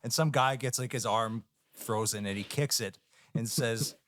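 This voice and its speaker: A man co-hosting a movie podcast, animated and emphatic as he ribs the film. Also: mid-range voice, normal speed. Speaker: podcast co-host. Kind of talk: casual movie-review chat.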